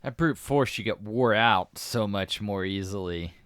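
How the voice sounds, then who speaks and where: A man's voice: fairly low pitch, unhurried, fairly bright tone, smooth, no echo. A man co-hosting a podcast in casual chat, dropping wry, joking asides. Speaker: podcast co-host.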